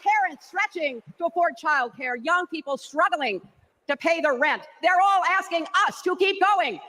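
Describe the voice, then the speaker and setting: A woman's voice: very high-pitched, animated, moderate pace, noisy background. An older woman giving a rousing convention speech in rhythmic oratory, played from a broadcast. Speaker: political speaker.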